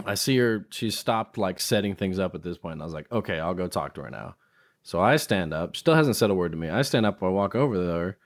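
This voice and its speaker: A man's voice: low-pitched, a little fast, hardly any pauses. A man hosting a podcast, telling a story casually, swearing and acting out what people said. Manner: animated storyteller who swears and acts out quotes. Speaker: podcast host.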